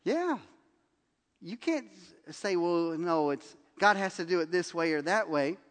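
Give me a man preaching in a church, animated storytelling, high-pitched voice with a long hall echo. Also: a little slow. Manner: animated storytelling, acts out quotes with laughs. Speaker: pastor. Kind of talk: sermon.

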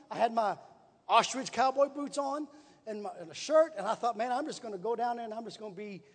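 A man's voice: high voice, slightly rough. A man preaching, telling a folksy story with repetition and building emphasis. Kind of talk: sermon storytelling. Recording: long reverb in a large hall.

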